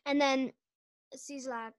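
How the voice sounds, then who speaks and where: A woman's voice: sits high, steady tone, slow, clean tone. A woman hosting a podcast, telling a rambling story in a casual, giggly way, full of "like" and restarts. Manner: giggly, restarts often, lots of "like". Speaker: podcast host.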